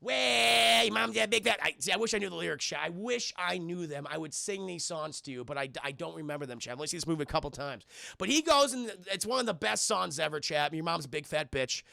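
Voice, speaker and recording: A young man talks through a film for his live chat, excitable and full of swearing. His voice sits high and swings widely, with a heavy gravelly fry. The sound is dry and close. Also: fast, dry recording. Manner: excitable, swears often, talks to chat, bursts into loud character quotes. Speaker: film reviewer streaming to chat. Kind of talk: casual live-stream recap.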